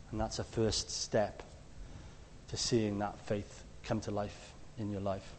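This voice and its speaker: A man's voice: lowish voice, fairly even intonation, unhurried, in a large hall. Guy preaching, chatty storytelling, acts out the voices, faint background noise. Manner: conversational storytelling, acts out quotes, loud shouted lines. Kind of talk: sermon.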